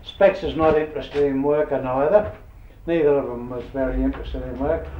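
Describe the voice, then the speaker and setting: A man's voice: on the high side, a little fast. Older man spinning yarns. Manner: rambling, earthy, chuckling anecdotes. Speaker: interviewee. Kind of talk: oral history storytelling. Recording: dull roomy old tape with hiss.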